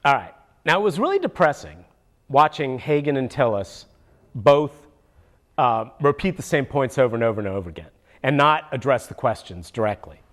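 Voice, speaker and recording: A man's voice: medium pitch, sing-song, moderate pace, a bit bright. A man voicing a wisecracking male monkey puppet in a comic political commentary, goofy and mocking, with sudden whooping outbursts. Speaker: puppet show host.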